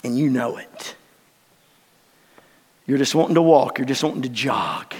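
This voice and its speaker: An older man preaching a sermon in a church, swinging from hushed lines to shouts. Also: mid-range voice, measured pace, husky. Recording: long reverb of a large hall.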